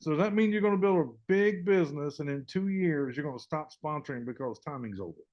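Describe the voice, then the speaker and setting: A man's voice: on the high side, lively intonation, quick pace. Older male presenter, folksy and chatty, voices both sides of a story; muffled webinar audio. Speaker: network marketing presenter. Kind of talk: casual webinar talk.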